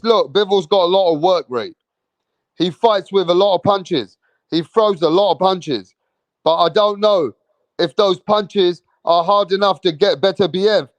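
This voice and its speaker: A man's voice: high-pitched, no echo. A man from England hosting a live boxing stream, hyped and profane, repeating his points. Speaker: boxing channel host.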